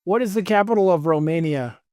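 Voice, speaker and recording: A man's voice: high voice, a little mellow, no room sound, studio quality. A man co-hosting a casual podcast, teasing and cracking jokes. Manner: joking, quick to tease and interrupt. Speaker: podcast co-host. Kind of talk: casual chat.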